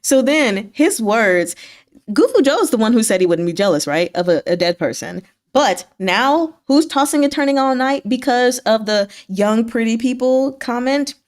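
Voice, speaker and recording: Animated woman recapping a novel. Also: a little high, moderate pace. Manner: animated retelling, acts out character lines, laughs often. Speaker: book club host. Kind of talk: casual book recap chat.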